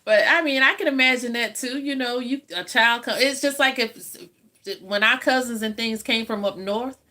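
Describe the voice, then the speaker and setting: Older southern lady chatting on her live stream, telling old stories, laughs a lot, bright voice. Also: on the high side, normal speed. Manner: chatty storytelling, laughs often. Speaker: host of a live eating stream. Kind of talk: casual chat with live viewers.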